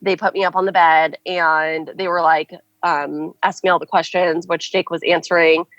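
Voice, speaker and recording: A woman's voice: lowish voice, flat delivery, moderate pace, fairly bright tone, no room sound. A young adult woman telling a story as a podcast guest, chatty and casual with many filler words. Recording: dull, dry podcast audio.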